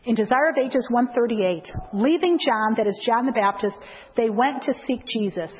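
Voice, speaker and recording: A woman's voice: a little high, normal speed. A woman giving a sermon with a personal testimony, asking the audience questions and acting out the dialogue in her stories. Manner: lively storyteller who acts out the dialogue in her stories; asks the audience questions to keep them involved. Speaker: church speaker. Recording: dull lo-fi recording.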